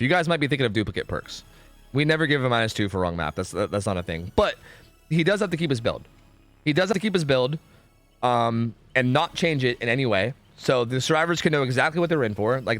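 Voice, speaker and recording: A man's voice: medium pitch, a bit bright, no room sound. A young man casting a game tournament on a live stream, rambling and repeating himself with casual swearing. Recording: faint music behind.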